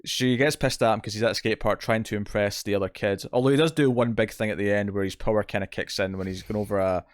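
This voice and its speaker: A man co-hosting a podcast, recapping a TV episode in casual chat, animated and quick to laugh. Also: fairly low pitch, no echo, studio quality. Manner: animated, laughs often, acts out characters' lines. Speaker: podcast co-host.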